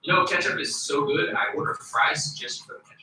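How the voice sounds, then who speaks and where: A woman co-presenting a scripted explainer video with expressive narration. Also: low-pitched, fairly quick, distant mic. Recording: echoey video playback from afar.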